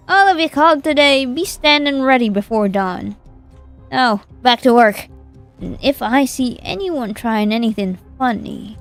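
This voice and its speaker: A woman's voice: on the high side, animated, unhurried, soft background music. A woman voicing a sinister, mocking female captain of the guards in a game, who barks orders and taunts. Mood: commanding. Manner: taunting, barking orders, drops an attempted accent.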